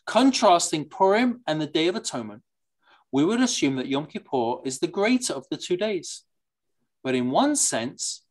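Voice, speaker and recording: Lively teacher explaining texts to a class. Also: medium pitch. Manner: lively and digressive, asks the class questions; mixes in Yiddish and Hebrew terms. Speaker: teacher leading a study class. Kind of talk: informal lecture, reading texts aloud and explaining them.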